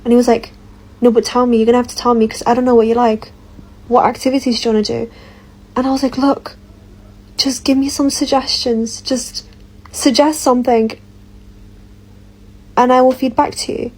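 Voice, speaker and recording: A woman's voice: fairly high pitch, little pitch movement, moderate pace, pauses often, a little mellow, rough recording. A woman telling a dating story casually, with wry amusement.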